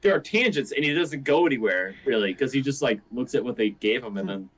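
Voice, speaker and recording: Animated, swearing podcast guy. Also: medium pitch, brisk, crowd noise. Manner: animated, profane, rambling. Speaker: podcast co-host. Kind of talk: casual chat.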